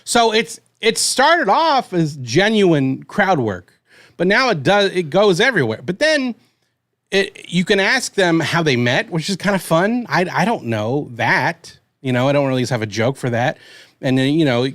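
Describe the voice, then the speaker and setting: A comedian in his forties telling stories in casual podcast chat, animated and swearing freely, acting out lines. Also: on the high side, measured pace, dry recording, clean studio sound. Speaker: comedian guest.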